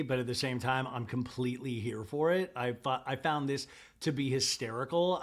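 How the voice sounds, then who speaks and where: A man hosting a podcast, giving a comedic reality-show recap with animated, swearing, jokey asides. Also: medium pitch. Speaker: podcast host.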